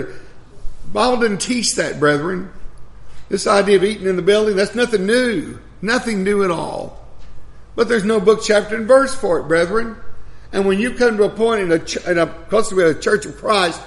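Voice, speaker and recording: A man's voice: sits high, normal speed, roomy sound. An older man preaching a sermon in a folksy, emphatic way, often repeating his phrases.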